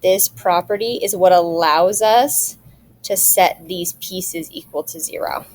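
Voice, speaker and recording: A woman's voice: fairly low pitch, a little slow, a little mellow. A woman math teacher recording a video lesson, explaining each step patiently and checking in with rhetorical questions.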